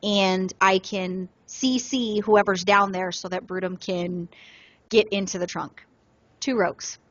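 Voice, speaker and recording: A woman co-hosting a casual gaming podcast, telling stories with lively energy and acting out other players in quotes. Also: mid-range voice, unhurried, no echo, highs cut off. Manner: animated storyteller, acts out other players in quotes. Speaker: podcast co-host.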